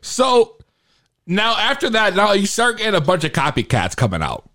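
A man hosts a casual podcast interview with a high, lively voice that leaps up and down. He is excitable, quick to laugh and swears freely as he chats. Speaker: podcast host.

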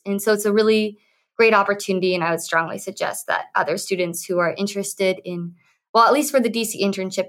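A young woman from the Washington, D.C. area answers interview questions earnestly. Her voice sits at a middle pitch and stays sincere throughout. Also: fairly bright tone. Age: young adult. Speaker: student intern.

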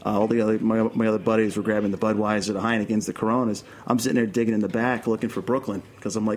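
A man's voice: on the low side, level tone, rapid-fire, hardly any pauses, a little mellow. A man from Queens with a New York accent, a filmmaker guest rambling with many restarts in casual radio chat. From Queens, New York City.

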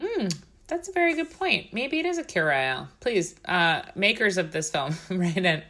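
A woman's voice: fairly low pitch, very animated, moderate pace, a bit bright. A woman co-hosting a podcast in casual chat, talking loosely with swearing, laughs and quoted movie lines. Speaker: podcast co-host.

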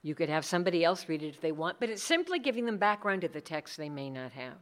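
A middle-aged woman with a lowish voice talks earnestly to a group about leading Bible studies, acting out the people she quotes. She's very animated and speaks quickly, in a talk that includes audience questions.

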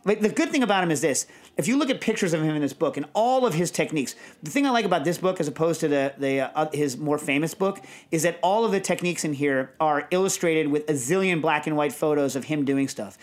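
A man hosting a podcast in casual chat, telling digressive, animated stories. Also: a little high, fast, hardly any pauses. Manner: rambling, digressive, animated storyteller. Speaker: podcast host.

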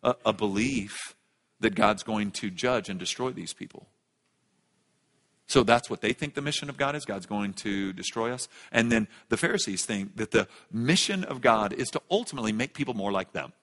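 A man preaching a sermon as a pastor, swinging between loud emphatic lines and hushed ones. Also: lowish voice, animated, moderate pace. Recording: echoey large hall.

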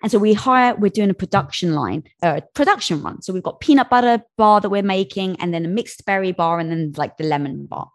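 A woman guest on an interview, telling a business anecdote in a lively way and acting out the voices of the people in it. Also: medium pitch, a little fast, hardly any pauses. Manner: animated, acts out voices in anecdotes. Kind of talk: casual storytelling.

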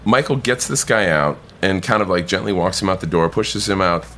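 Deep-voiced man telling a bar story. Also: fairly quick, a little hiss or hum. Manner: animated anecdote-teller, swears, acts out others' voices. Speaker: bartender guest. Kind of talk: casual podcast storytelling.

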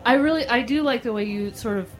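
A woman's voice: a little high, fast talker. A woman co-hosting a casual studio chat, teasing and frank and laughing often. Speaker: podcast co-host.

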